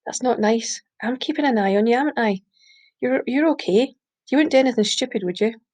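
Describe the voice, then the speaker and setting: A woman's voice: on the high side, fairly quick, a little mellow, close to an everyday voice. A woman voicing Malky, a controlling, blustering man, in a story reading. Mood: uneasy. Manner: pushy, wheedling, then growling. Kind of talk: audiobook reading.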